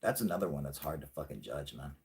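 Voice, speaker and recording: A man hosting a live stream, chatting casually and rambling with lots of swearing, saying he is high. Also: very animated, quick pace. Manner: profane, rambling, laughing often. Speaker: host.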